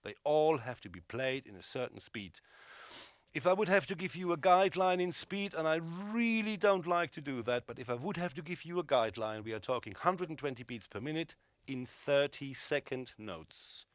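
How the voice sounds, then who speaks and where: A man's voice: on the high side, lively intonation, normal speed, dry recording, clean studio sound. A man teaching drum technique, counting beats and calling out hand patterns, with firm, opinionated asides. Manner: emphatic, counts and calls hand patterns aloud. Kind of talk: instructional drum lesson.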